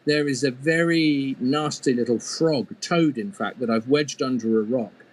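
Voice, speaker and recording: A man's voice: mid-range voice, moderate pace, natural voice, rough recording. A man voicing a stressed, self-pitying devil in a told folk tale, complaining in a whiny, put-upon way. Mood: explaining.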